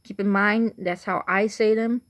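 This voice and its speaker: A woman's voice: mid-range voice, steady tone, unhurried. Young woman, Illinois accent, chatty casual vlogger, rambling and full of fillers. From Illinois, USA.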